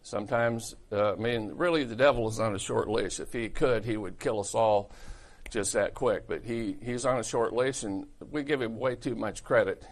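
A man's voice: fairly low pitch, moderate pace. A male pastor preaching a sermon in a blunt, folksy, conversational way.

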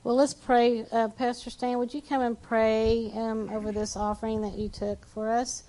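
A woman's voice: fairly high pitch, flat delivery, moderate pace, rough recording. A woman from a church mission team chatting about trip photos in front of the congregation, with plenty of fillers. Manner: chatty, warm-hearted, with fillers. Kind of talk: casual talk presenting trip photos.

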